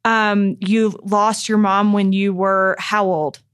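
A woman's voice: medium pitch, little pitch movement, slow pace, fairly bright tone, clean tone, no room sound. Casual woman podcast host, dry sound. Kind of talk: interview.

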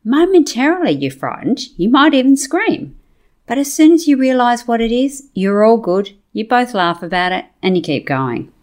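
Woman with a lively motivational voice. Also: a little high, moderate pace. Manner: warm encouraging storytelling with rhetorical questions. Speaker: podcast host. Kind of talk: motivational monologue.

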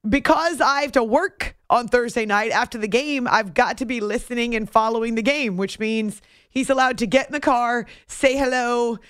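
A woman's voice: on the high side, moderate pace, a bit bright, clear, resonant tone, dry recording. A woman hosting a late-night sports radio show in a studio, playful and teasing, laughing often and a bit giddy from lack of sleep. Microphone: studio mic.

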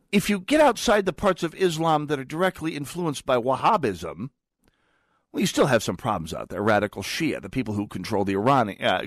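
A man's voice: mid-range voice, no echo. A man hosting political talk radio, emphatic and combative, inviting callers.

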